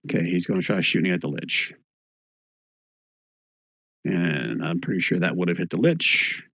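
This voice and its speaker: A man running a tabletop game online as dungeon master, relaxed and thinking aloud as he rules. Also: low voice, moderate pace, vocal fry, dry recording.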